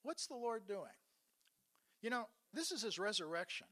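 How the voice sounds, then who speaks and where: Earnest male preacher with a slightly higher voice, retelling scripture and posing questions to the congregation. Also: very animated, normal speed, bright, forceful tone. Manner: earnest, asks rhetorical questions. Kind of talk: sermon retelling Bible stories.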